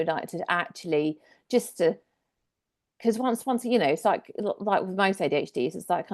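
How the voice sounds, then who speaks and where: A woman's voice: on the low side, darkish tone. A woman chatting on a video call, hesitant and full of fillers. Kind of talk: casual chat.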